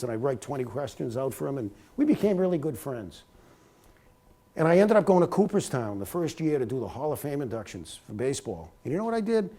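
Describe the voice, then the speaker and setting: Man telling career stories, dark voice. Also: fairly high pitch, fast. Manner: animated storyteller, slips into sportscaster cadence. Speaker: speaker giving a talk. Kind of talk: motivational talk with anecdotes. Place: lecture hall at a university.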